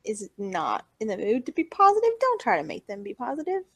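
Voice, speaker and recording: A woman's voice: a little high, huge pitch swings, a little fast, fairly bright tone, no echo. A young woman co-hosting a podcast in casual chat, giggly and gushing. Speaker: podcast co-host.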